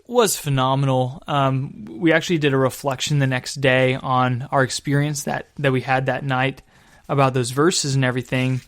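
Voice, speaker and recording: A man's voice: mid-range voice, dry recording, studio quality. A man hosting his own podcast, telling a travel story in an enthusiastic, casual way. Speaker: podcast host and Catholic evangelist.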